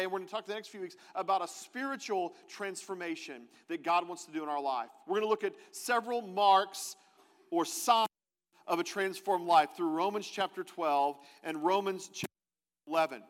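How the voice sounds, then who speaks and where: A male pastor with a fairly high voice preaches in a relaxed, conversational way, stopping to quiz his congregation. His voice rings through a church sanctuary with a long reverb tail. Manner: conversational, asks the congregation questions. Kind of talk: sermon.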